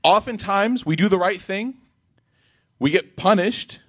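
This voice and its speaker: A man giving an Islamic reminder talk in a lively, rhetorical way, breaking into quick Arabic recitation. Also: high-pitched. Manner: animated, rhetorical, acts out quotes. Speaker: religious speaker.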